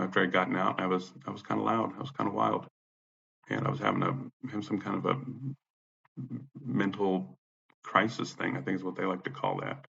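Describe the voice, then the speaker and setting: Gravelly, profane man with a husky voice. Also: lowish voice, a bit bright, dull audio. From United States. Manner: profane, rambling, agitated, re-enacts what he said in raised voice. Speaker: vlogger recounting an ordeal. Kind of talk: raw unscripted monologue to camera. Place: at home, indoors. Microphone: camera or phone facing him.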